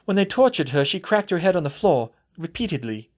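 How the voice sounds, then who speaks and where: A blunt, cold young woman student, as a man puts her on in an audiobook, telling things flatly and matter-of-factly. Her voice is pitched a bit above a man's usual. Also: brisk, muffled recording.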